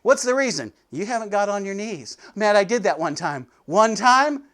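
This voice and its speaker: A man giving a devotional sermon, telling a story with sudden swings between loud and soft. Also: high voice, big pitch swings, normal speed. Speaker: pastor.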